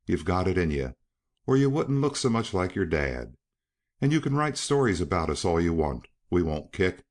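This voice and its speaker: A man reading as an older frontier cowman with a slow, whimsical drawl and blunt, folksy talk. The voice sits very low, yet it rises and falls freely. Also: big pitch swings. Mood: encouraging.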